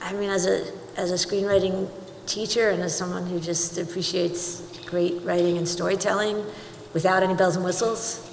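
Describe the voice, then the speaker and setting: Middle-aged woman panelist, chatty, restarts her sentences, booming hall reverb, faint hiss. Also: little pitch movement, normal speed, gravelly. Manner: chatty, self-interrupting, laughs often. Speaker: panelist, screenwriting teacher. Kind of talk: panel discussion, casual. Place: large auditorium. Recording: roomy hall with long reverb.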